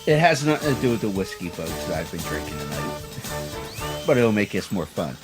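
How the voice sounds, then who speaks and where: A man's voice: low-pitched, expressive, a little fast, music in the background. A man hosting a podcast interview, introducing his guest with a showy carnival-barker delivery. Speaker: podcast host.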